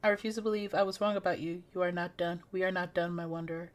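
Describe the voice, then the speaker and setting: Woman reading as a hushed, solemn void spirit, low and slow. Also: little pitch movement, natural voice. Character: solemn mysterious guiding voice from the void.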